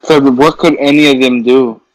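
A man co-hosting a casual chat, chiming in with excited, profane interjections. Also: mid-range voice, moderate pace, dry recording, rough recording. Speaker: podcast co-host.

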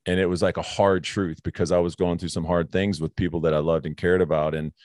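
A man's voice: deep voice, flat delivery, quick pace, darkish tone, no echo, studio quality. A man hosting a casual faith conversation, telling a personal story earnestly and calling his guest bro. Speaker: podcast host.

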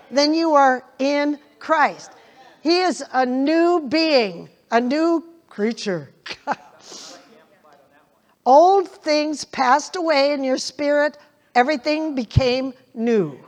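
An older woman preaching a sermon in a folksy way, chuckling often and repeating scripture lines with emphasis. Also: high-pitched.

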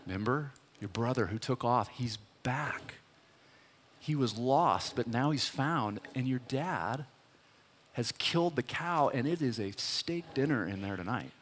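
A man voicing a servant who passes on news in a low, confiding voice. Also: animated, measured pace, a bit bright, slight background noise. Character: hushed servant passing on news. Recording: long hall reverb.

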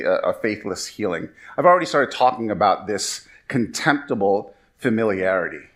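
A man's voice: medium pitch, fairly bright tone. A man in his forties preaching a sermon as pastor, telling stories in a conversational, self-deprecating way.

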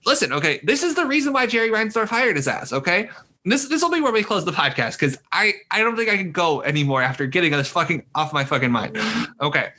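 A man's voice: high-pitched, very animated, brisk, sharp tone. A young man co-hosting a sports podcast, ranting hotly and swearing as he talks. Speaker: podcast co-host. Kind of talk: casual sports podcast chat.

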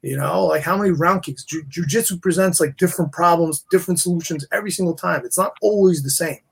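Husky-voiced man talking in rambling bursts. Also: on the high side, fast talker. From New York. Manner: rambling, restarts often with "you know". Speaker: guest, jeweler and jiu-jitsu black belt. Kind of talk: casual podcast interview.

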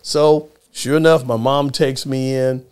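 A man's voice: medium pitch, a little slow, clear, resonant tone. A middle-aged man telling a story from his childhood in a casual chat, acting out the people in it with changing voices. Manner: animated storyteller acting out quotes in shifting voices. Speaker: guest, former child actor.

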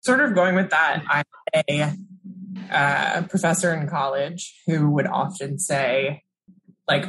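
A woman's voice: deep voice, slow pace, a bit bright. A woman taking part in an online class discussion, musing aloud and correcting herself as she goes.

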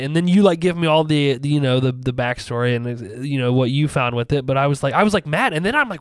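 A man co-hosting a casual podcast, telling animated stories, swearing freely and acting out his own past rants. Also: on the high side, fairly quick, no room sound, studio quality. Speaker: podcast co-host. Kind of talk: casual chat.

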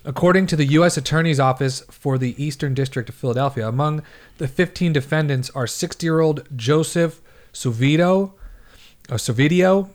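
A man's voice: on the high side, normal speed. A young adult man co-hosting a podcast, reading news stories aloud in a casual, joking way, swearing and stumbling over words as he goes. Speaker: podcast co-host.

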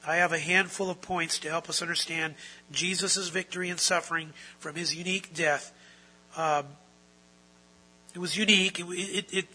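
High, forceful-voiced male preacher. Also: rough recording. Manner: emphatic preaching, repeats key phrases for stress. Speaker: pastor. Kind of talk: sermon.

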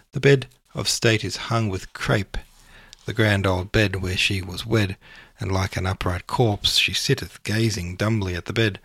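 Male poetry podcast host; measured recital, occasional self-corrections, low pitch, dry close sound. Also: vocal fry, husky, no room sound. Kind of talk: reading poetry aloud.

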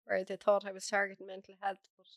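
An Irish woman with a hoarse, bunged-up voice, talking openly and bluntly as an interview guest. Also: mid-range voice, completely flat delivery, fast, no echo, studio quality. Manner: frank, chatty, laughs often. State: hoarse from a cold. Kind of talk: casual interview chat.

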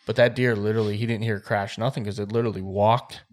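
A man in a garage casually telling a hunting story, animated, acting out quotes and laughing often. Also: fairly low pitch, quick pace. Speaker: podcast co-host.

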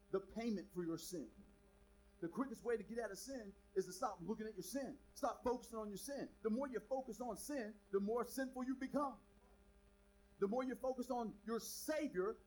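A man preaching a sermon as pastor, animated, swinging from soft asides to emphatic declarations. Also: very high voice, husky, low-quality recording.

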